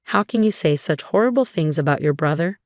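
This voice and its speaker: A woman's voice: deep voice, expressive, fairly quick, no echo, studio quality. A woman reading the lines of a reproachful mother in a storybook narration. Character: cold, tearful middle-aged mother.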